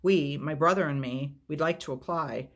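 A man's voice: a little high, normal speed, a bit bright. A man voicing an earnest teenage girl. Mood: earnest, pressing. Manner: earnest, anxious, pressing. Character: determined teenage girl, eldest sister.

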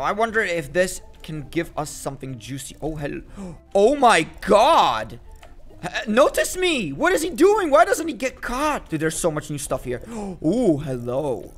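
A young man doing excitable let's-play commentary, talking to the fish and to his viewers. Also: on the high side. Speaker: gaming video host.

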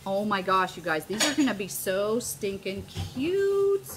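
A woman's voice: mid-range voice, big pitch swings, unhurried, background noise. A middle-aged woman hosting a live crafting demo, bubbly and gushing as she chats with her viewers. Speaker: host of a live crafting stream.

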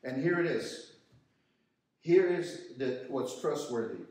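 A man's voice: medium pitch, animated, takes it slowly, a little mellow. A man teaching a youth Sunday class in a church, preaching with repeated rhetorical questions and frequent restarts. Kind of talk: sermon-style Bible lesson. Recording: very echoey church hall, voice from a distance.

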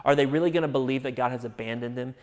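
A man preaching a sermon as a pastor, earnest, often dropping to a soft hush. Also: mid-range voice, rapid-fire, in a large hall. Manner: earnest, drops to a soft hush on reassuring phrases.

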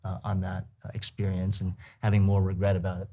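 Man, low voice, hesitant, many fillers, author at a panel talk. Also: completely flat delivery, fairly quick, dark tone, dull audio. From United States. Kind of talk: panel talk and reading aloud.

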